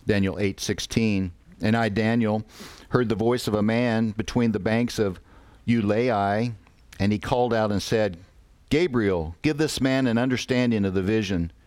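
A man preaching a sermon, reading scripture slowly and deliberately with pauses. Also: on the low side, a little mellow, no room sound.

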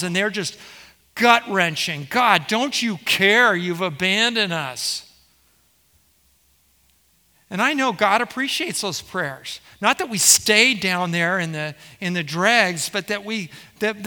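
A man preaching in a high, ringing voice, the sound trailing off in a long hall reverb. He walks the congregation through scripture, asking question after question. His tone is bright and forceful as he presses each point. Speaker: pastor. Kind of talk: sermon.

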